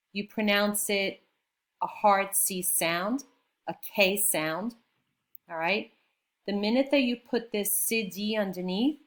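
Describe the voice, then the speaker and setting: A woman teaching a beginner French class, explaining patiently and checking in often with her students. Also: mid-range voice. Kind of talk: classroom lesson.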